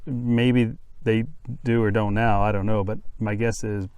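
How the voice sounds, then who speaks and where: A man's voice: fairly low pitch, little pitch movement, measured pace, a little mellow, clean tone, dry recording. A young man hosting a casual podcast chat, a former teacher who rambles, corrects himself and jokes as he goes. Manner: rambling, self-correcting, joking. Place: outdoors, windy. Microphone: podcast microphones.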